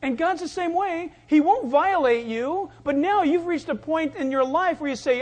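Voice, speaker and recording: A man's voice: very high-pitched, lively intonation, moderate pace, a little mellow. A man preaching a sermon, telling stories in a loose, chatty way and acting out the voices in them. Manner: conversational storytelling with acted-out voices. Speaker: pastor.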